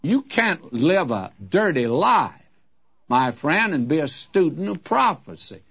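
Preacher, male, husky voice, animated delivery, dull lo-fi old recording. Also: on the high side, a little slow. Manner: earnest, folksy direct address to listeners. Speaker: Bible teacher. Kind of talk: radio Bible teaching.

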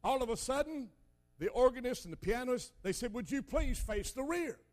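Older male preacher, high voice, folksy and emphatic storyteller. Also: lively intonation, normal speed, darkish tone. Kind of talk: sermon.

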